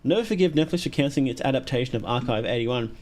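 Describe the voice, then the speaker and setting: A man's voice: medium pitch, animated, quick pace, a little mellow. Chatty Australian man streaming a game. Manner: chatty, reactive, asks questions aloud. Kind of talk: live gameplay commentary.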